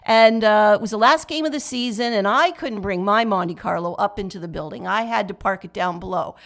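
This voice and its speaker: An older woman telling a chatty, expressive anecdote in casual conversation. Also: medium pitch, brisk.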